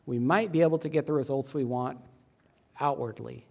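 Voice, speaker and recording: A man's voice: mid-range voice, moderate pace, vocal fry, breathy edge. A man preaching a sermon as a pastor, earnest and emphatic. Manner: earnest, emphatic preaching with quoted parent voices.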